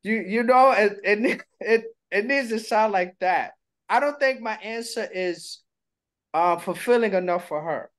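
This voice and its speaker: A man's voice: high-pitched, measured pace, fairly bright tone. A middle-aged man chatting casually as a co-host, candid and playful, slipping into little impressions while he tells stories. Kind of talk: casual chat.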